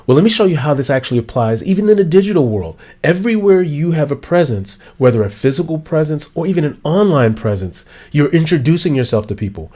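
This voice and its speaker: Animated man coaching with acted-out dialogues. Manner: energetic, acts out both sides of conversations in a higher voice. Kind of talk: motivational talk with acted examples.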